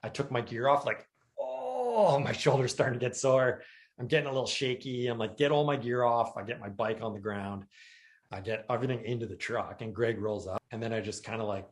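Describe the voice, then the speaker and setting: A man telling a personal story in casual chat, animated and acting out the people he quotes. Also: mid-range voice, fairly quick. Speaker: storyteller recounting his crash.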